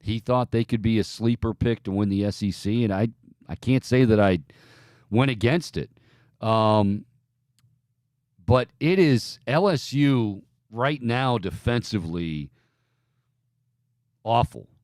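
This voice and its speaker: A man's voice: on the low side, slow pace, pauses often, a little mellow, dry recording, studio quality. A man hosting a sports betting show, giving opinionated picks in a loose, joking casual talk.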